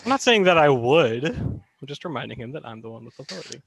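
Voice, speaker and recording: A man's voice: mid-range voice, very animated, fast, creaky, fairly bright tone, slight background noise, rough recording. Teasing young man hosting a video call. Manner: teasing, playfully bossy. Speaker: host. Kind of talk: casual joking chat on a video call.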